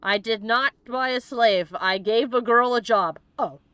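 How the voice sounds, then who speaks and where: A woman's voice: fairly high pitch, measured pace, fairly bright tone, clean tone, no echo. A woman streamer giving casual gameplay commentary, bubbly and joking, laughing often and acting out the characters' lines. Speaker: let's play streamer.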